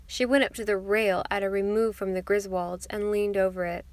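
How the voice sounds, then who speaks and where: A woman narrating a children's classic audiobook in a clear, steady storytelling manner. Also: medium pitch, normal speed, no room sound.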